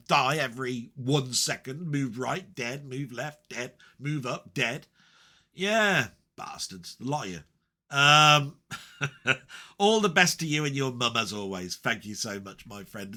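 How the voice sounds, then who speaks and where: Bright-voiced man, jokey vlog ramble. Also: mid-range voice. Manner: joking, sweary banter; rambling with many fillers and restarts. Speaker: retro gaming vlogger. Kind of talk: casual chat reading viewer comments.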